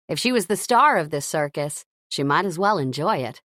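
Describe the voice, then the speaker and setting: A woman narrating an audiobook in an expressive, lively reading. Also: low voice, moderate pace, hardly any pauses, no echo, clean studio sound.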